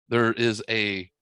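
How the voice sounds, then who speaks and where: A man's voice: on the low side, creaky, sharp tone, clean tone, no echo, low-quality recording. A young man hosting a podcast, telling a story in a joking, profane, smart-aleck way. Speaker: podcast host. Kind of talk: casual storytelling.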